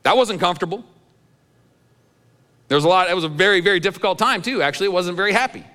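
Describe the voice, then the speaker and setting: A middle-aged pastor delivers a sermon, telling frank personal stories in a conversational, sometimes humorous way inside a church sanctuary. His high voice is animated, quick, pushed and bright, with a big-room sound.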